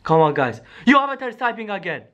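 High-voiced man, excitable YouTuber. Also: quick pace, highs cut off. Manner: excitable, constantly addresses viewers with "yo" and "guys". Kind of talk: scripted scary-skit vlog.

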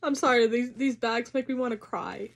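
A woman vlogger chatting casually through an unboxing, gushing and excitable, with some casual swearing. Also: a little high, unhurried.

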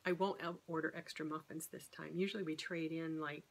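A woman's voice: low-pitched, steady tone, a little fast, a little hiss or hum. A middle-aged woman talking candidly and rambling in a casual vlog about her weight-loss surgery. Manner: rambling, candid, self-deprecating.

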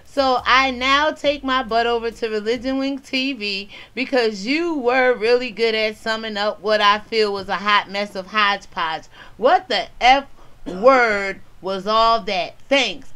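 A woman's voice: on the high side, measured pace, poor audio. Brash profane woman vlogger. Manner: profane, loud and animated, laughing at own jokes. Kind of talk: casual commentary responding to comments.

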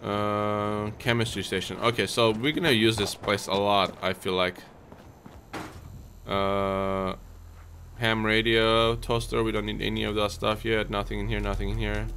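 A man hosting a gaming channel, chatting through a let's play, talking to viewers and soothing his in-game dog, and shouting when startled. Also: on the low side, little pitch movement, unhurried, slight background noise. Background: game music.

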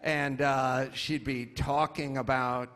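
Speaking slowly in a mid-range, level, slightly bright voice, this middle-aged US podcast host tells stories onstage at a comedy club to a live audience. His delivery is a profane, exasperated rant, with put-on voices to mock people.

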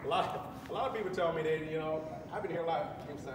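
A man in his fifties giving an emotional retirement speech, warmly thanking friends and colleagues and laughing often. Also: a little high, very fast, few pauses. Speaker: retiring chief master sergeant giving his farewell speech. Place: large ceremony hall on a military base. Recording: echoey hall from far off, with crowd and noise. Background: audience murmuring and laughing.

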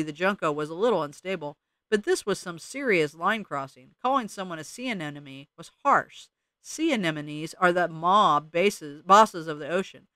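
A man reading a novel aloud as an audiobook narrator, in a wry, deadpan way. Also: sits high, clear, resonant tone, no room sound. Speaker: audiobook reader.

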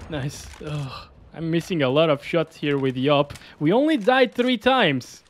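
Man, gameplay commentary, excitable, slightly high voice, faint gunfire behind. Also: a little slow, a little hiss or hum. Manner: excitable, yelps and laughs at in-game moments. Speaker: gaming YouTuber. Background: game gunfire and explosions.

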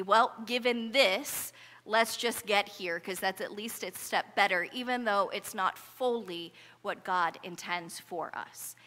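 A woman pastor preaching an earnest sermon, unhurried and deliberate. Her voice is bright and clear. It rings out in a church sanctuary with a long, lingering reverb. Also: medium pitch. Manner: earnest, conversational preaching with rising intensity in quotes.

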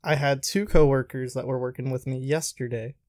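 A young man hosts a podcast, talking a little fast in a mid-range voice as he animatedly retells restaurant job stories and voices what others said. It's a dry, studio-quality recording in a casual conversational setting.

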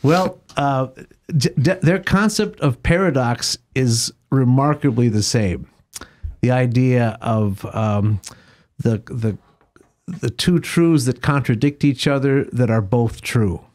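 A man, the guest of an interview, telling a long joke with animated character voices, then discussing philosophy. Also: medium pitch, slow pace. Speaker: guest author. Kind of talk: conversational interview, storytelling jokes.

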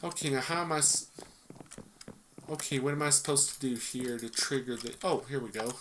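A man talks through a video game in an unhurried, rambling way, full of fillers and asides. His voice sits in a middle pitch. Hiss and keyboard typing run under him. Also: fairly bright tone. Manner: rambling, thinking aloud with many fillers. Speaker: gaming YouTuber. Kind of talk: casual gameplay commentary. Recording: noisy mic with keyboard clicks.

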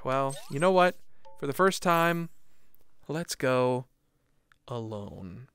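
A man giving casual, excitable commentary while playing a VR game at home, swearing casually and laughing often. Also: medium pitch, takes it slowly, clean tone, no echo. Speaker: gaming streamer. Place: home room, seated on the floor.

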